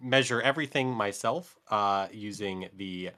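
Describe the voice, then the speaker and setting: A man co-hosting a podcast, making mock-formal announcements in a deadpan manner during casual chat. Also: lowish voice, unhurried. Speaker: podcast co-host.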